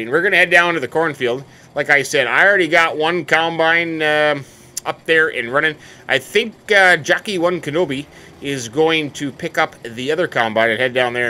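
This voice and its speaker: A man giving casual gameplay commentary as a folksy, hammy farmer character full of exclamations. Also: medium pitch. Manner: folksy, hammy farmer persona with stock catchphrases; animated, exclaiming. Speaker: let's play host.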